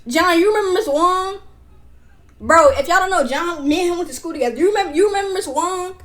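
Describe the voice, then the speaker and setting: A young woman streamer telling a school story to her chat, animated, loose and full of slang. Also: very high voice, fast. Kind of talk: casual storytime chat with viewers.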